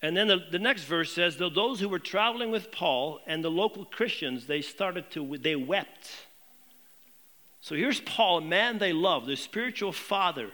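Man, pastor, sermon, highish voice, bright tone, sinks to a hushed murmur at points. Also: expressive, moderate pace. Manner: questioning, drops to a low murmur on key points.

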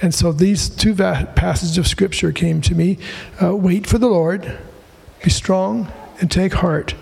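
A man ministering in church, delivering a prophetic word and reading scripture, gentle with light chuckles. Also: sits high, steady tone, unhurried, gravelly, breathy edge. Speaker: pastor or prayer minister.

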